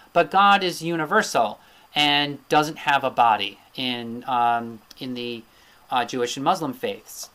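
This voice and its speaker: A man's voice: a little high, fairly bright tone. A man teaching a recorded lecture with slides, thinking aloud and checking in with his listeners. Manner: thinking aloud, with frequent fillers and "right?" tag questions. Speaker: Ayurveda teacher.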